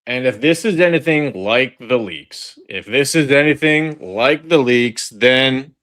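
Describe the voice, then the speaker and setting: A man's voice: medium pitch, fairly bright tone. A man hosting his channel, giving casual reaction commentary on a trailer, chatty and often repeating himself to his viewers. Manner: chatty, repeats phrases and restarts, addresses the audience as folks. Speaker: online video host.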